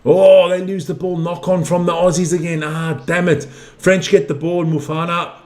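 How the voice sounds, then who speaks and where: A man giving casual live rugby commentary, blunt and swearing, ranting between plays and cheering loudly when excited. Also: sits high, moderate pace. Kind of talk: casual live sports commentary with viewer chat.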